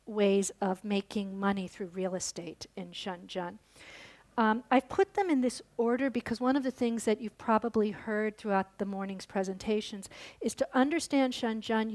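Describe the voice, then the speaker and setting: A woman speaks at a conference podium in a mid-range voice, telling a story before unpacking its meaning. She explains things plainly and often pauses on fillers and restarts as she goes. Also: mid-range voice. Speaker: lecturer. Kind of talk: conference lecture. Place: lecture hall.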